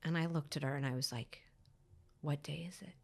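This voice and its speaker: Woman, podcast guest, low voice, recounting a loss with hushed, whispery stretches. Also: steady tone, fairly quick, vocal fry, husky. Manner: drops to a hushed whisper at painful moments; acts out others' words in quotes. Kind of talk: emotional personal storytelling.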